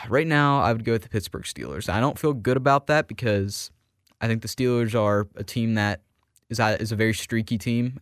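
A man co-hosting a sports talk radio show, giving opinions quickly with frequent restarts. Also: on the low side, smooth, dry recording, clean studio sound.

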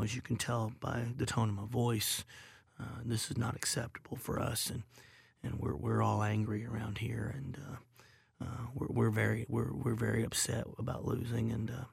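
A man doing an impression of a baseball manager, droning in a flat, quiet monotone. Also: lowish voice, creaky, husky, no room sound, clean studio sound, voice pushed down, heavily acted. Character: flat, mumbling middle-aged male baseball manager.

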